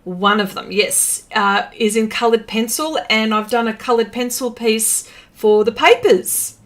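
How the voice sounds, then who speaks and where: Woman artist, livestream host; unhurried, rambling, giggly; slightly high voice. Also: fairly even intonation. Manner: chatty, rambling, laughs often, self-correcting. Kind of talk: casual livestream chat, reading out chat messages.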